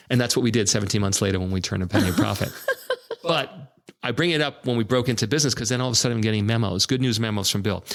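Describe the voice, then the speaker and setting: Brief: low, gravelly man, an animated interview storyteller. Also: racing. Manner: animated anecdotes with quoted dialogue. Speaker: guest, publishing executive.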